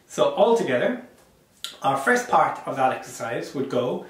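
A man's voice: mid-range voice, sing-song, moderate pace, noisy background. A man leading an online percussion workshop. He speaks encouragingly, wears a small clip-on mic, and chants rhythm syllables aloud to demonstrate. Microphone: small clip-on microphone. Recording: very echoey room, voice sounds distant.

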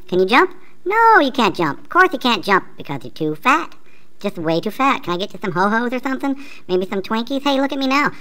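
A hyperactive, bratty cartoon kid, rattling off taunts at breakneck speed in a bright, sharp voice. He talks in a mocking sing-song. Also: high voice, clear, resonant tone, exaggerated voice. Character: hyperactive annoying kid, taunting, fast-talking. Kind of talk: flash cartoon voice acting.

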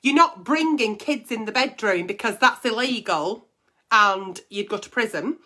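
A woman's voice: on the high side, lively intonation, measured pace, sharp tone. A woman hosting an advice show, blunt and teasing, swearing freely in casual comic chat.

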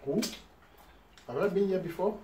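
A man's voice: high-pitched, moderate pace, warm tone. A man co-hosts an eating-show vlog, playing along as a visitor in a joking skit. He is mock-earnest and laughs often. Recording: roomy sound from a distant mic.

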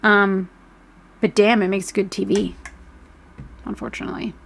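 A woman's voice: medium pitch, lively intonation, normal speed, vocal fry, slight background noise. A woman in her thirties casually chatting on a live stream, reading viewer comments aloud, swearing freely and laughing often.

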